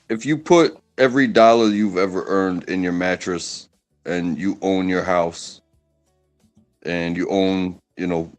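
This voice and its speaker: Slow, deep-voiced, hesitant man. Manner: hesitant, many fillers and restarts. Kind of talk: casual discussion.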